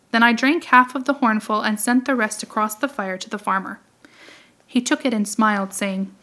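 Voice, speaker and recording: A woman narrating a storybook tale in a measured, expressive reading voice. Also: a little high. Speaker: audiobook reader.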